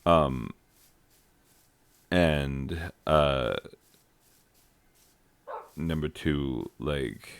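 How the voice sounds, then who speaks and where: A man, a teacher, rambling casually over his gameplay with jokes, trailing off and filling pauses with ums. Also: rumbling low, vocal fry, dry recording. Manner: meandering, joking, trails off with many fillers. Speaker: teacher making a gaming vlog. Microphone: close desk microphone.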